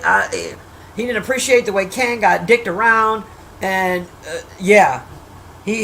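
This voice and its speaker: Bright-voiced foul-mouthed woman streamer. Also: medium pitch, vocal fry, slight background noise, poor audio. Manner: profane, blunt trash-talking, teasing the chat; rambling with restarts and drawn-out asides. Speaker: livestreamer reviewing a movie. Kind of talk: casual livestream chat.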